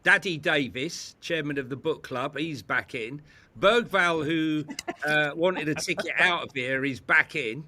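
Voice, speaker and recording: A high-pitched man with a bright, forceful voice, co-hosting a casual fan chat. He sounds incredulous and sarcastic, breaking into laughter between his complaints. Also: unhurried. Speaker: co-host.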